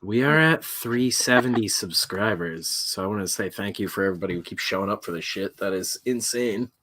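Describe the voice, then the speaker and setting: Bright-voiced rambling man on a stream. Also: fairly low pitch, expressive, a little fast, slight background noise. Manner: swearing, rambling with many fillers. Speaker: podcast co-host. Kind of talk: casual livestream chat.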